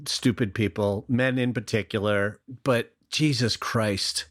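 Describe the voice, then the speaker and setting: A man's voice: fairly low pitch, fairly even intonation, unhurried. A man in his forties, a podcast guest, reacting emphatically and swearing in a casual chat. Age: 40s.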